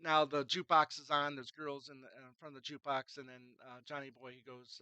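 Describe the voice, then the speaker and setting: A man's voice: mid-range voice, flat delivery, quick pace, pushed and bright, clear, resonant tone, no room sound, poor audio. A man casually reviewing a film, retelling its scenes in a rambling way with many fillers and restarts.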